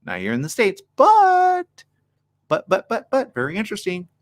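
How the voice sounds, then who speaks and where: A man's voice: high-pitched, huge pitch swings, fast talker. A man hosting a live morning show, reading news items aloud and adding chatty, wry asides. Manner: chatty, wry asides between read passages.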